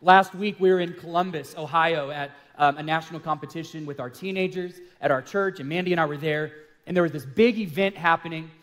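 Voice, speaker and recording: A man's voice: on the high side, brisk, a bit bright. A man co-hosting a talk on marriage, speaking earnestly in a casual sermon style and telling self-deprecating stories. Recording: hall reverb.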